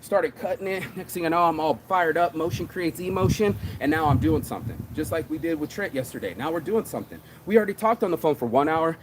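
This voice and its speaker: A man's voice: fairly high pitch, fast, hardly any pauses, noisy background. Slangy, fired-up man talking motivation. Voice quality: slangy street talk, says bro a lot. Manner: animated, swears often, hypes himself up. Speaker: entrepreneur and shirt designer. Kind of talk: casual motivational monologue.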